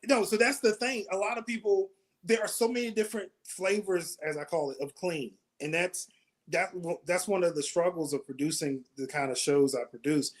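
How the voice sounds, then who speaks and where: High-voiced male comedy host. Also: normal speed. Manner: animated storytelling with laughs. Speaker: comedy show host and producer. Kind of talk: casual interview chat.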